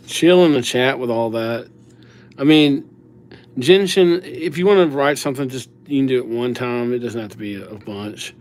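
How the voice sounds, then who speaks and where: A man's voice: medium pitch, a little slow. A man chatting casually on a live stream, reading out viewers' names as he writes them and thanking subscribers. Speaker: livestreamer writing viewers' names.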